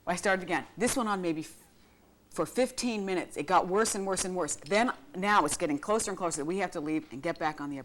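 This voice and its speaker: Animated woman telling stories on live TV. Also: lowish voice. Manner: animated storyteller, laughs through her words. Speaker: TV reporter guest. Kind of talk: anecdotal live TV chat. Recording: faint clicks and noise, 1990s broadcast tape.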